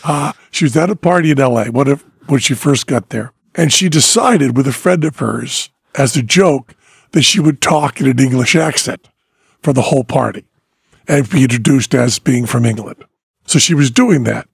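A man's voice: medium pitch, normal speed, vocal fry, breathy edge, no room sound. A man hosting a casual interview podcast, telling anecdotes and teasing his guest with dry questions. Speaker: podcast host.

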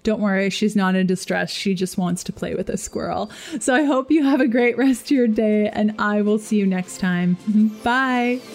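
Woman, podcast host, casual solo talk, earnest, repeats words for emphasis, laughs easily, mid-pitched voice, recorded at home. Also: normal speed, hardly any pauses, darkish tone, faint music behind. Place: home room with her dog nearby.

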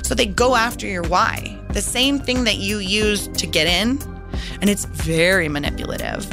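A middle-aged woman recounting her own experience as an interview guest, animated and acting out the voices of others. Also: medium pitch, moderate pace, music in the background. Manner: animated, acts out quoted voices. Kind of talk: emotional personal storytelling.

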